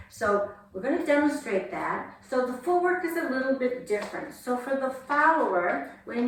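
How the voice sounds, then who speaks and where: Woman teaching dance in an echoey room. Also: fairly high pitch. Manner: counting out steps in a sing-song rhythm. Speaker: dance instructor. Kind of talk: instructional dance tutorial. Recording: echoey room from far off, faint noise.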